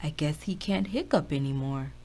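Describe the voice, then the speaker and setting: A woman voicing a big, gruff father bear in a storybook reading, loud and booming. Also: normal speed.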